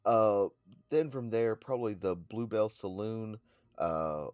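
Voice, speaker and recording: A man co-hosting a casual podcast, speaking unhurriedly and pausing often with "uh". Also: lowish voice, lively intonation, a little mellow, smooth, dry recording, clean studio sound. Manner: unhurried, with frequent "uh" pauses. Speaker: podcast co-host.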